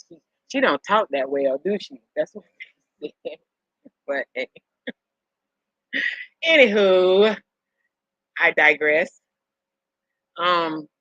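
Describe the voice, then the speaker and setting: Chatting casually with her live-stream viewers, a middle-aged woman wanders through stories, laughing frequently and going back over the same points. She speaks in a low-pitched, bright, forceful voice. The audio is dry, dull and somewhat lo-fi.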